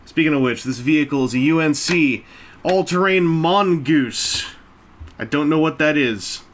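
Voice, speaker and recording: A man's voice: on the high side, unhurried, a little hiss or hum. Rambling, jokey man building bricks. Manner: rambling, self-mocking, jokey asides. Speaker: toy-building video host. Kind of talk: casual chat while building a brick set. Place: indoors at a table.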